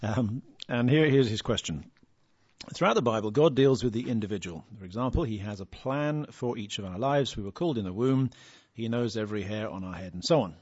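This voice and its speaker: A man hosting a casual podcast, relaxed and chuckling, reading out listener questions. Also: on the low side, brisk, slightly rough, no room sound. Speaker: podcast host. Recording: dull lo-fi sound.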